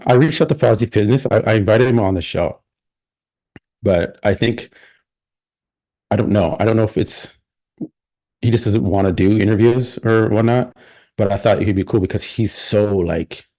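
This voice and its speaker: A man's voice: sits low, mellow. A man hosting a live stream, chatting casually and rambling with plenty of restarts and opinions.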